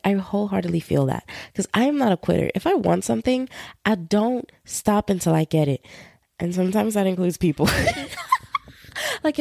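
A young woman hosts her own podcast, chatting casually and playfully even though she feels a bit under the weather, and she gets animated doing voices for her roommates. Her mid-range voice is gravelly, recorded at studio quality with no room sound.

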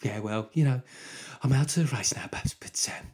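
A man's voice: mid-range voice, brisk, a little mellow, husky, close to an everyday voice. A man mimicking a brash, blunt woman politician, defiant and half-mumbled.

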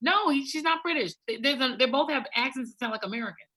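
A woman's voice: high voice, quick pace, bright, forceful tone, slightly rough. A woman in casual chat, emphatic and insistent, who laughs often.

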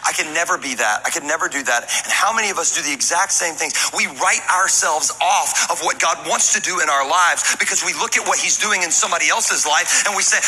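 High-voiced man preaching in an echoey hall. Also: a little fast, over music, a crowd in the background. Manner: humorous, energetic storytelling, sometimes shouting. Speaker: pastor. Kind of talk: sermon.

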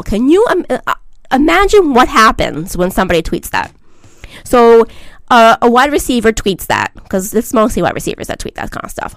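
A woman's voice: on the high side, huge pitch swings, moderate pace, fairly bright tone, no echo. A woman giving a blunt, emphatic vlog monologue as a social media commentator, lecturing her listeners.

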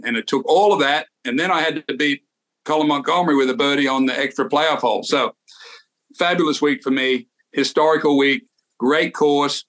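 With a mid-range, fairly bright voice, this Australian man in his sixties, once a tour pro, spins easygoing stories as a podcast co-host. The chat is casual, and he frequently starts over mid-thought.

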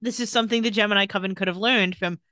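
A woman's voice: mid-range voice, steady tone, quick pace, sharp tone, no echo, clean studio sound. A woman co-hosting a podcast, recapping a TV episode in casual chat and acting out characters' lines, laughing often. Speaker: podcast co-host.

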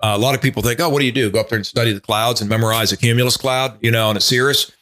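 A man's voice: mid-range voice, steady tone, racing, fairly bright tone. A man in his sixties, a retired TV weatherman, telling a casual, rambling story full of restarts and asides. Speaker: retired TV meteorologist, guest.

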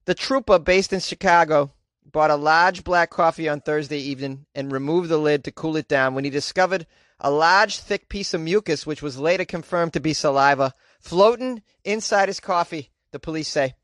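A man's voice: a little high, moderate pace, a bit bright, no echo, close to an everyday voice. A man reading news items in an exaggerated Boston accent, with mock-outraged asides. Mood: mock-serious. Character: man doing an over-the-top Boston-accented news reader.

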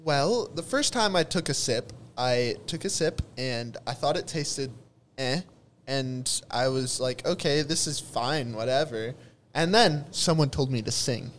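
A man voicing an earnest customer giving a deadpan testimonial in an improvised mock commercial. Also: mid-range voice, a little slow, a little hiss or hum.

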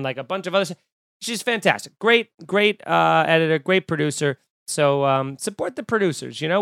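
A man hosting a casual podcast, telling stories and acting out quoted voices in an animated way. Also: on the high side, clean tone, no echo, clean studio sound. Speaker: podcast host. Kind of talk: casual chat. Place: home room.

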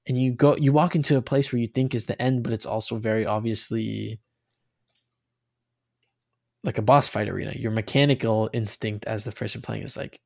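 Man, gravelly voice, dry close sound, casual rambling game chat, animated. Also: lowish voice, brisk, no echo. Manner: rambling, animated, swears, many restarts. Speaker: podcast co-host.

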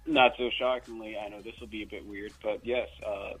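A man's voice: fairly low pitch, steady tone, brisk, fairly bright tone, slightly rough, low-quality recording. A man calling in to a talk show, giving his opinions in a hesitant, hedging way. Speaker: caller. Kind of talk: casual call-in chat. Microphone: phone.

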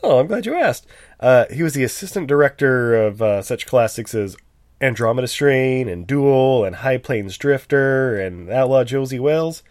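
A man's voice: medium pitch, expressive, normal speed, darkish tone, dry recording, clean studio sound. A man co-hosting a movie podcast in casual chat, sounding stuffed up, joking and rambling with fillers. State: stuffed-up nose. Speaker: podcast co-host.

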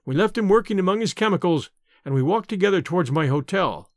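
Man narrating with lively intonation. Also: sits high, fast talker, no room sound, clean studio sound. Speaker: audiobook narrator. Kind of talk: scripted narration.

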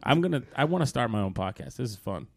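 A man's voice: mid-range voice, fast, vocal fry. A man from Texas, a DJ and comedian, telling stories with lots of laughter as a podcast guest. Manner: lively storyteller who laughs often. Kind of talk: casual chat, storytelling.

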